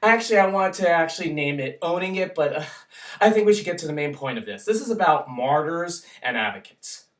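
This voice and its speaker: Hyper, excitable man in an echoey room. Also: fairly high pitch, brisk, recorded from a distance. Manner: hyper and excitable, swearing, giggly. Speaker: vlogger. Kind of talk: casual hyper vlog rant.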